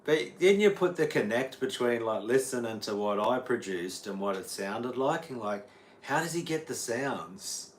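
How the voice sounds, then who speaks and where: A man's voice: medium pitch, animated, a little slow, slight background noise. An Australian man, a guitar teacher, rambling casually on a livestream and answering viewers' chat. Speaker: guitar teacher streaming live.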